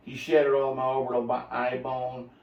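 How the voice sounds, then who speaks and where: A man hosting a podcast, telling a story in a lively, laughing way and acting out quotes. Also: medium pitch, brisk, lo-fi sound. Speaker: podcast host. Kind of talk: casual storytelling chat. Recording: roomy, distant mic.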